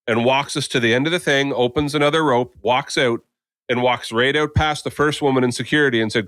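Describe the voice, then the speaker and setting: A man's voice: mid-range voice, normal speed, no room sound. A man co-hosting a podcast, telling a long story in a casual way and acting out the people he quotes. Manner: animated, acts out quoted people. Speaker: podcast co-host.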